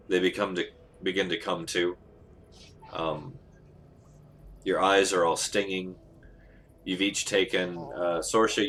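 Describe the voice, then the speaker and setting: A man narrating as game master of a tabletop game, relaxed and laughing often, with many ums. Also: low voice.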